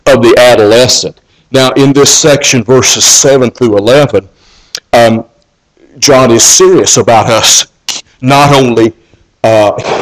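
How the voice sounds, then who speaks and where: A man's voice: mid-range voice, low-quality recording. A male pastor preaching a sermon in an earnest way, often restarting and repeating words.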